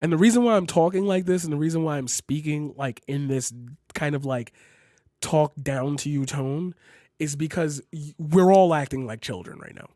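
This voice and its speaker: A man's voice: on the high side, moderate pace, warm tone, no room sound, clean studio sound. A man ranting heatedly in a political vlog, profane and emphatic, repeating his phrases for force. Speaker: channel host.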